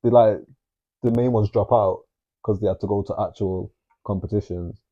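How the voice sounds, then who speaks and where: A man's voice: fairly low pitch, fairly even intonation, normal speed, warm tone. A man from South Manchester with a Manchester accent, co-hosting a podcast in casual, teasing banter. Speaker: podcast co-host. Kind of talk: casual chat. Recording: dull lo-fi recording.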